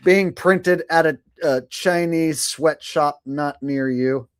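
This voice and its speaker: A man's voice: on the high side, slow, clear, resonant tone, no room sound. A man hosting a live stream, chatting casually and sarcastically, swearing freely and laughing at his own jokes.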